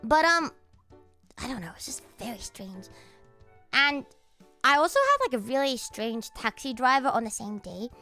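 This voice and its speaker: A woman livestreamer telling stories to her chat in a casual, animated way, swearing freely. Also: on the high side, normal speed, long pauses, faint music behind.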